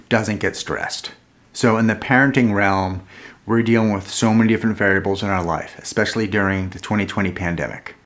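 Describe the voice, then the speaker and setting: Calm, earnest man with a low voice. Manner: earnest, calm and explanatory, with a playful mock-angry skit. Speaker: parenting vlog host. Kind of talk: casual talk to camera.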